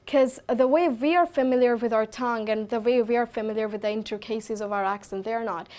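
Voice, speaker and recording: Young indian woman guest, talks earnest and explains a lot, fairly high pitch. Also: steady tone, fast, a little mellow. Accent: Indian English. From Haryana, India. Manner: earnest, explanatory, fillers like "you know". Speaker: guest linguistics researcher. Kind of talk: interview answers.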